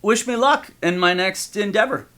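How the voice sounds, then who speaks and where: A man co-hosting a podcast, with a bright, forceful voice that sits a bit high. He chats casually and animatedly, jumps in to agree, and laughs easily. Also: moderate pace. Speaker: podcast co-host.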